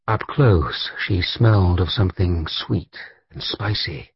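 Husky, low-voiced male audiobook narrator. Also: expressive, takes it slowly, no room sound, dull audio. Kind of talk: scripted first-person narration.

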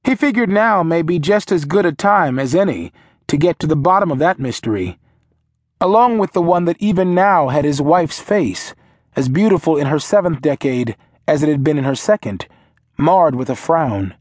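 A man narrating a novel in a measured, steady storytelling manner. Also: fairly high pitch, dry recording, studio quality. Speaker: audiobook narrator. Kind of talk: scripted narration.

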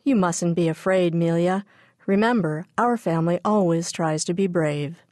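A woman reading the part of a calm, reassuring father in a storybook. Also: lowish voice, normal speed, no room sound, clean studio sound, natural voice.

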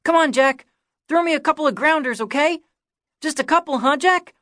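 A woman voicing an excitable young boy who shouts and pleads breathlessly. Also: high voice, normal speed, dry recording, studio quality, voice pushed up. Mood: pleading.

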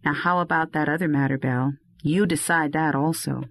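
Woman reading young male herb harvester, outspoken, low voice, dry audiobook sound. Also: steady tone, a little fast, no room sound. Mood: coaxing. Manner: earnest, chiding, talks to his dog.

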